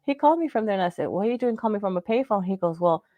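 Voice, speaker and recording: A woman's voice: mid-range voice, expressive, very fast, narrow, tinny audio, crowd noise. A woman on a radio show telling a long personal story in casual chat, laughing often and acting out the voices of people she quotes. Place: living in Florida.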